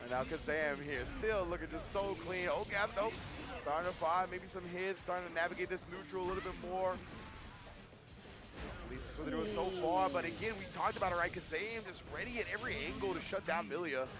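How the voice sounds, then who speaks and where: A man's voice: sits high, fairly quick, music in the background. A man casting a fighting game tournament, calling the action and joking with his co-caster. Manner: excitable, hype-driven, joking with co-caster. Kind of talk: esports play-by-play commentary.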